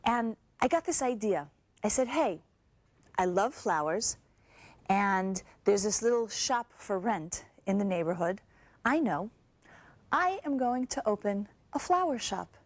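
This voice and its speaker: A young actress performing a theatrical monologue as a woman recounting her abusive relationship, halting and wistful. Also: mid-range voice, animated, no room sound. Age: young adult. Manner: halting, wistful, with nervous laughs and sighs.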